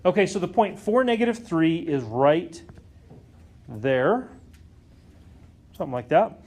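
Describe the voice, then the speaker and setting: A man's voice: fairly high pitch, big pitch swings, unhurried, darkish tone. A man teaching a calculus lesson to a class, often stopping to question the students and check that they follow. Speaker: math teacher.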